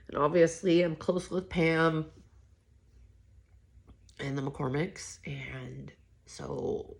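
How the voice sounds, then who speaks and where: A woman's voice: low voice, vocal fry. A woman telling a personal story from her own life in a casual, candid way, blunt and conversational. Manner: blunt and conversational, with frequent swearing and fillers. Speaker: memoir author recounting her life.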